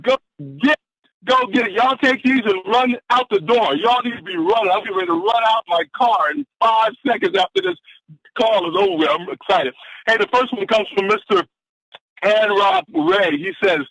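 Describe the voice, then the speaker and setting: An excited man on a conference call cheers and whoops his way through a motivational pep talk. His voice sits high and swings widely, with a gravelly edge. The sound is dry and close. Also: brisk, no room sound, poor audio. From Atlanta, Georgia. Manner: exuberant, whooping, preacher-like delivery. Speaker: caller giving motivational quotes. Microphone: phone line.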